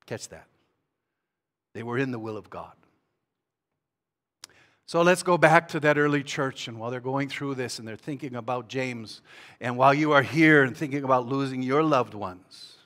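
A man, a guest pastor, preaching a sermon that swings between loud bursts and hushed, tender passages. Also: medium pitch, animated, moderate pace, long pauses.

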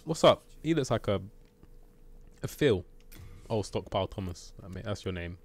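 Lively British man streaming a game. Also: fairly low pitch, moderate pace, pauses often. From Britain. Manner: playful, banters with chat, jokes and mutters at the game. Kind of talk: live gameplay commentary chatting with viewers.

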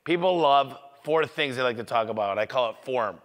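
Energetic male speaker, bright tone, echoey hall, business talk. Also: mid-range voice, moderate pace. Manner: energetic, acts out customer dialogue. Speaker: business owner giving a talk.

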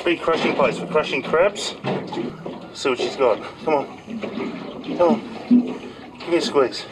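A man's voice: fairly high pitch, a little slow. A man with an Australian accent hosting a fishing show from a small boat outdoors, talking in a chatty, enthusiastic way and exclaiming as he works a fish. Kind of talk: excited on-the-water fishing commentary. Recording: outdoor boat recording with water and engine noise.

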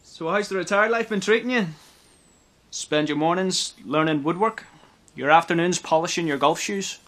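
An actor playing a police detective who gives brisk orders and then questions an old colleague uneasily. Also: male voice, fairly high pitch, a bit bright, close to an everyday voice. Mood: troubled. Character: troubled detective hunting a killer.

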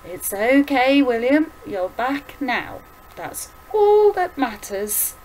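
A woman reading aloud and voicing a gentle, grieving elderly mother who talks softly and slowly. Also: medium pitch, expressive, slight background noise. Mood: sorrowful. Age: older. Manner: soft, slow and tender.

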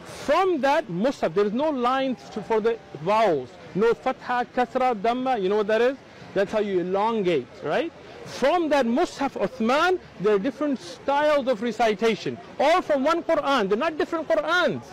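High-voiced American man lecturing insistently. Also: expressive, moderate pace, low-quality recording. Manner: lecturing, insistent, talks over interruptions. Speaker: Muslim street preacher. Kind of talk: heated street debate.

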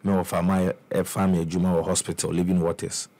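Ghanaian man, very low voice, flat delivery, casual interview storytelling, code-switching. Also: fast. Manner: mixes English and Twi, frequent restarts and repeated words. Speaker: musician guest.

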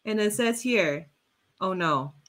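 A woman's voice: mid-range voice, expressive, takes it slowly, a bit bright. A woman game designer at home, explaining game pieces and rules with hesitant fillers.

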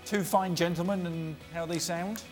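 A man's voice: high voice, steady tone, darkish tone. Man hosting a football show over music. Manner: brisk, reads out viewer questions. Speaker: host. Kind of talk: studio football talk show.

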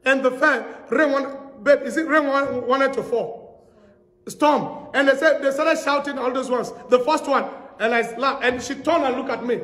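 A man's voice: very high-pitched, moderate pace, fairly bright tone. A man preaching a sermon as pastor, telling stories and repeating phrases for emphasis. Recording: echoey hall.

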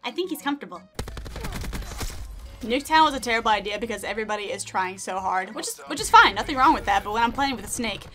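Giggly high-voiced young woman gamer. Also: lively intonation, quick pace, pushed and bright, soft background music. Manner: giggly, chatty, talks sweetly to her pet snake. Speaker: gaming YouTuber. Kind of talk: casual gameplay commentary.

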